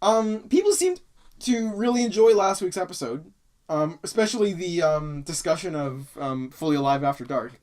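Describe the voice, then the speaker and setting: A man's voice: sits high, lively intonation, normal speed, darkish tone. A man hosting a casual podcast, joking around, swearing freely and reading out listener comments. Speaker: podcast host.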